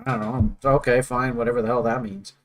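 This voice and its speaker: A man's voice: medium pitch, little pitch movement, quick pace. A man hosting and teaching trading in a casual, rambling way, joking and thinking aloud with many fillers. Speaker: trading instructor and host.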